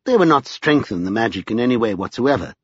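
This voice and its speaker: A man's voice: mid-range voice, sing-song, fast, slightly rough, no room sound. A man doing a fussy, timid old magician. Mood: nervous. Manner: hesitant, anxious, stammering. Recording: slightly dull lo-fi.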